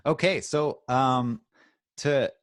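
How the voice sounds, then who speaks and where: A man's voice: medium pitch, takes it slowly, no echo, studio quality. A man hosting a casual livestream interview over a video call, upbeat and a little scattered as he sets things up. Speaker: host.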